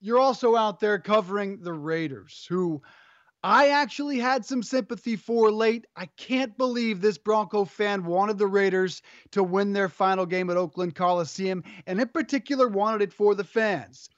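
A man hosting sports talk radio, upbeat and brisk, teasing his co-host. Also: high-pitched, no echo, muffled recording.

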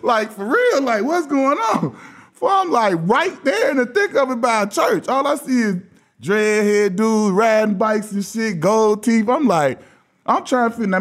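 High-voiced man telling animated stories. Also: moderate pace. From Los Angeles. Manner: animated storyteller who acts out quoted voices, laughing often. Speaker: podcast guest, former basketball player. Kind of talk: casual storytelling chat.

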